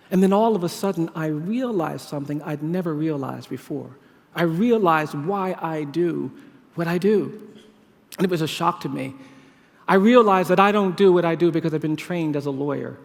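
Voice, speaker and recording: A man giving a storytelling keynote speech at a leadership conference, speaking in measured, deliberately repeated phrases. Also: fairly high pitch, gravelly, big-room sound.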